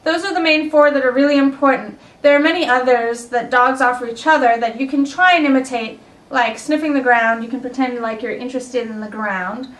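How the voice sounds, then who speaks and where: A woman dog trainer casually explains and demonstrates yawns and sighs in a video lesson. Her voice sits high and sounds fairly bright, with a brisk delivery. The mic is placed at a distance in an echoey room.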